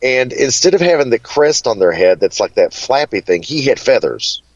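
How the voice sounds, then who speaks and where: A man's voice: medium pitch, big pitch swings, moderate pace, dry recording. A man from Kentucky with a Southern accent, telling stories as a guest in a casual interview in a chatty, flamboyant way. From Kentucky, USA. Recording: dull, dry lo-fi sound.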